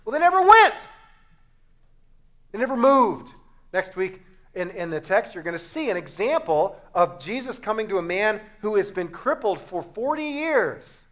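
A man preaching a sermon as a pastor, animated and rhetorical, acting out short dialogues. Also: high voice, normal speed.

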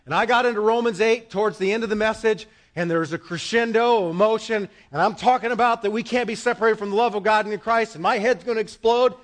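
A middle-aged male pastor preaching in a church, swinging from loud proclaiming to quiet asides with the congregation. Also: high voice, fast, hardly any pauses. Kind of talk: sermon. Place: church sanctuary. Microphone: microphone.

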